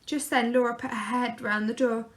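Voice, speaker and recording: A woman reading a children's picture book aloud, gently and expressively. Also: fairly high pitch, little pitch movement, normal speed. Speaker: storyteller.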